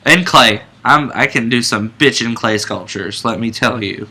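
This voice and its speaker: A young man with a very bright, forceful voice chats casually on a fan podcast. He rambles with restarts and fillers, getting excited fast, and sits at an ordinary speaking pitch. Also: low-quality recording. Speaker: co-host.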